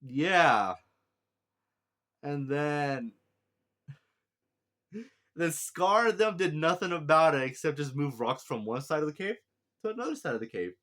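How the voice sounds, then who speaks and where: A man's voice: on the high side, big pitch swings, unhurried, long pauses, fairly bright tone. A man giving a casual, rambling spoken movie review, often laughing and correcting himself.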